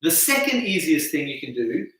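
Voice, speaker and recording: A man's voice: fairly high pitch, sing-song, moderate pace, bright, forceful tone, very echoey, recorded from a distance, low-quality recording. A man explaining on-camera video tips as an interview guest, acting out reactions with gasps and laughs. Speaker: video campaign founder, guest.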